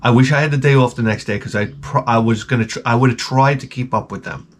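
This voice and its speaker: A man hosting his vlog, telling a profane comic story in an animated rant full of stammered restarts. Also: medium pitch, fast, a little hiss or hum. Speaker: vlogger host.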